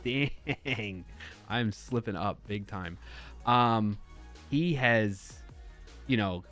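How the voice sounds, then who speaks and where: A man hosting a live stream, telling a story in a casual, rambling way with lots of fillers and self-corrections, sounding baffled and animated. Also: lowish voice, very slow, long pauses, faint music behind. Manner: incredulous, animated retelling.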